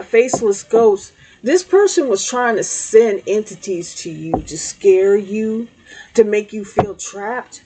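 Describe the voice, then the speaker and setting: A woman's voice: mid-range voice, background noise. A woman giving a spiritual tarot reading, talking straight to her viewers and checking in often with "okay?". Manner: slow, emphatic, frequent "okay?" check-ins; speaks directly to viewers, conversational. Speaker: tarot reader.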